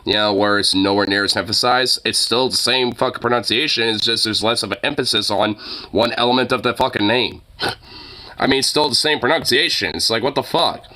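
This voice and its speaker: Exasperated, sweary young man, bright voice. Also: medium pitch, a little fast. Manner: exasperated, swears heavily, rambling with many fillers. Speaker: streamer reacting to news clips. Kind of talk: casual profane reaction commentary.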